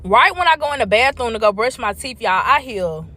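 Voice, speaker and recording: A woman telling a personal story to viewers in a casual, animated and profane way. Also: on the high side, brisk, background noise.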